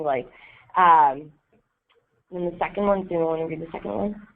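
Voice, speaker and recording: A woman's voice: fairly low pitch, fairly quick. Woman trainer, tinny phone-like audio. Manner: casual, many ums and rhetorical "right?". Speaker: volunteer trainer. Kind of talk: training session talk.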